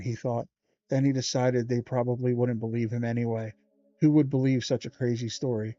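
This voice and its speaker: A man's voice: medium pitch, normal speed. A man hosting a livestream, reading a children's horror book aloud with small stumbles along the way. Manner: steady read-aloud with small stumbles and slangy asides. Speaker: livestream host. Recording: dull lo-fi stream audio.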